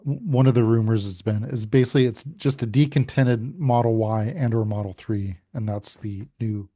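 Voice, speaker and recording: A man's voice: lowish voice, moderate pace, warm tone. A man co-hosting a podcast in a casual chat, easygoing and agreeing often. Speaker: podcast co-host.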